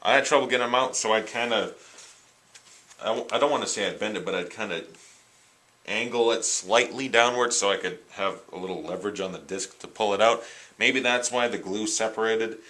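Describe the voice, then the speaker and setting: A man's voice: on the low side, a little fast, sharp tone, poor audio. A man chatting casually on camera, rambling and enthusiastic as he reviews his new films. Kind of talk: casual unscripted vlog. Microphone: handheld camera, self-recorded.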